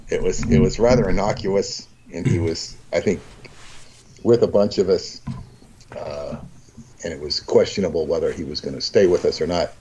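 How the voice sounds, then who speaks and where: A man talking as a guest in a casual conversation, rambling and halting, with many restarts. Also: sits low, mellow, slight background noise, low-quality recording.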